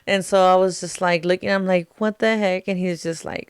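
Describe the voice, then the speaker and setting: A young woman, co-hosting a podcast and telling a personal story in animated, profane casual chat, acting out quotes. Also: on the low side, moderate pace, hardly any pauses, clear, resonant tone, no room sound, clean studio sound. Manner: animated, swears freely, acts out quotes. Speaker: podcast co-host.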